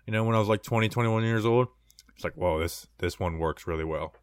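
A man co-hosting a casual podcast, telling stories slowly with plenty of fillers. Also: on the low side, clean tone, dry recording, clean studio sound. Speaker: podcast co-host. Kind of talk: casual chat.

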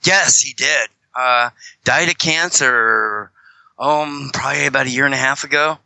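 Male podcast guest, loose and digressive, constantly correcting himself, bright tone. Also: medium pitch, unhurried, vocal fry, dry recording, poor audio. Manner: rambling, joking, many self-corrections. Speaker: guest, fellow fringe Christian show host. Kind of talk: casual podcast chat.

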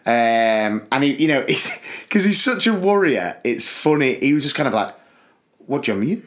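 A man co-hosting a podcast, telling stories in animated fashion and acting out quotes. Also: medium pitch, normal speed. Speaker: podcast co-host. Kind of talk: casual chat.

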